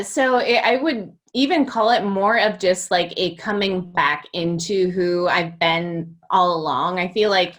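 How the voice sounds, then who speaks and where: A woman's voice: medium pitch, a bit bright. A woman in her thirties, a guest on a podcast, talking casually and chattily with lots of filler words. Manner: chatty, uses many fillers like "like". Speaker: podcast guest, former boutique owner. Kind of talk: casual interview conversation.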